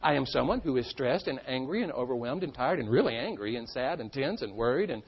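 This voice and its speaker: A man lively seminar speaker, dull recording. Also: mid-range voice, fast, slightly rough. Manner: energetic, playful, engages audience. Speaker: stress management speaker. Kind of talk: live seminar talk to an audience. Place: seminar room with live audience.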